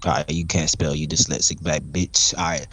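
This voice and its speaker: A man's voice: rumbling low, level tone, moderate pace, noisy background. A man in a voice-call debate, crude and dismissive, hurling insults at his opponent.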